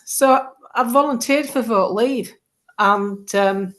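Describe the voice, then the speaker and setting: A woman's voice: on the high side, slow. A middle-aged woman, chatting casually as a guest and acting out the quotes in her stories. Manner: animated storyteller, acts out quotes. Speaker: political campaigner, guest. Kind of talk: casual chat.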